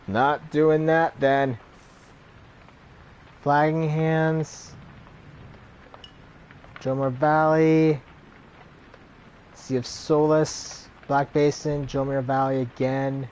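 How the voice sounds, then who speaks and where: A man's voice: on the high side, steady tone, extremely slow, pauses often, a little mellow, low-quality recording. A man playing a story game, reading the text aloud and chatting between lines. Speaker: let's player. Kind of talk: casual game narration. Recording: game music behind.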